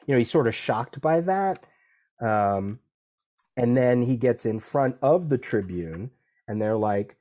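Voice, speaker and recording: A man on a podcast walks through a comic issue by issue, slipping into the characters' lines as he goes. His voice sits at an average pitch with a dark, mellow tone. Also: moderate pace. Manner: animated, quotes dialogue in character, many restarts. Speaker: podcast co-host. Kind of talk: casual comic discussion.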